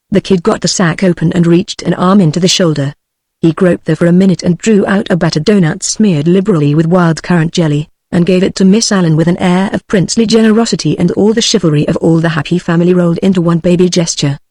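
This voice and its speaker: A synthetic female text-to-speech voice with a British English accent, reading a novel as an audiobook narrator in an even, measured way. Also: lowish voice, no room sound, clean studio sound. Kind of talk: scripted narration.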